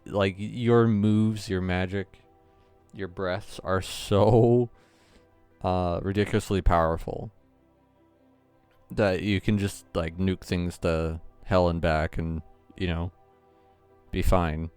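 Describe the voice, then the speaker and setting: A man's voice: sits low, steady tone, slow, darkish tone, smooth, no room sound, faint music behind. A man hosting a gaming channel, giving casual, rambling play-through commentary with lots of hesitant fillers.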